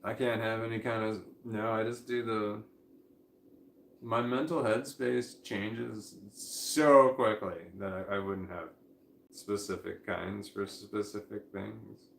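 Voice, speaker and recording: A tired, high man rambling casually in a vlog, talking drowsily with a slight slur while lying down at home. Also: fairly even intonation, slow pace, gravelly, echoey room, slight background noise. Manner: drowsy, rambling, laughs to himself. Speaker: vlogger.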